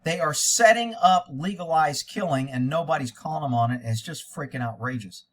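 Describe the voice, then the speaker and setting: A man's voice: a little high, big pitch swings, brisk, few pauses, fairly bright tone. Sarcastic man reading case documents. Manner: sarcastic and indignant; blunt and profane. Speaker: online commentator. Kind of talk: reading a document aloud with reactions.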